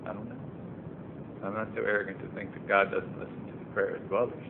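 His voice sits on the low side, flat and fast, as he tells his recovery story at a meeting. The testimony moves from earnest to emphatic and impassioned, and the meeting-room recording sounds tinny and phone-like, with faint noise.

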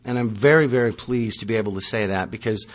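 A man's voice: fairly low pitch, fast. A man in his thirties telling his recovery story at a meeting, wry and self-mocking. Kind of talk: personal testimony with self-deprecating humor.

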